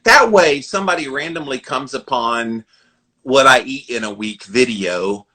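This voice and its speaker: A podcast host with a Southern American accent talks in an animated, earnest way. His voice has a bright, forward ring, and he sits at a middle pitch for a man. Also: measured pace. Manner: animated, earnest, advice-giving. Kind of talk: conversational interview.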